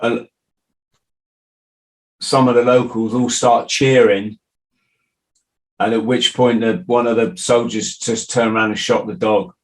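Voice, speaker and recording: A man's voice: mid-range voice, fairly even intonation, measured pace, long pauses, poor audio. A middle-aged man hosting a podcast, talking in a loose, rambling way with restarts and the odd swear word. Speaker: podcast host. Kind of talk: casual interview chat.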